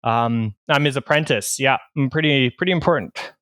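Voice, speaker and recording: A man's voice: medium pitch, moderate pace, a bit bright, no echo, lightly acted. A man voicing a nervous young wannabe trainer who stammers, denies everything and brags. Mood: boastful. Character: jittery young male wannabe trainer, boastful liar.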